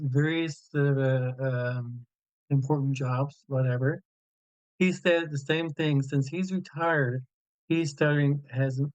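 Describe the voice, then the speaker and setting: A man's voice: fairly high pitch, darkish tone, no room sound, dull audio. A man, who stutters openly with many repeated sounds and fillers as a guest speaker in an online Q&A. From Newfoundland and Labrador, Canada. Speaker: guest speaker and radio show host. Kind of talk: conversational answer in an online Q&A.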